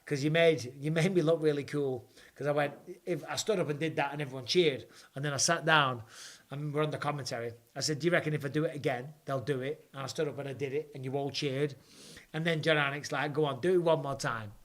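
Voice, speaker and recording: A man hosting a live fight watch party from home, chatting with viewers and reacting excitedly, with casual swearing. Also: on the high side, quick pace. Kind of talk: live watch-along commentary and chat.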